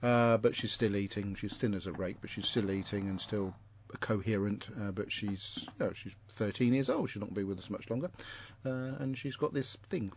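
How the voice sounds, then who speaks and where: A man's voice: lowish voice, brisk, a little hiss or hum. A man with a southern English accent hosting a podcast in a rambling, self-correcting chat. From Isle of Wight. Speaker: podcast host. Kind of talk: casual chat. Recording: dull lo-fi home recording.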